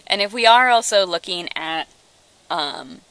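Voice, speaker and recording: A young woman who cares for animals at a sanctuary gives a casual, filler-heavy educational talk on a live stream. She keeps breaking off to coo at the turkeys in a high sing-song. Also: lively intonation, unhurried, bright, forceful tone, smooth, dry recording. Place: garden house at an animal sanctuary.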